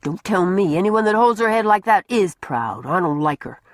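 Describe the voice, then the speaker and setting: A woman reading an audiobook voices a blunt, quick-tempered orphan girl who talks in folksy rural slang. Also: medium pitch, very animated, no room sound, clean studio sound, lightly acted.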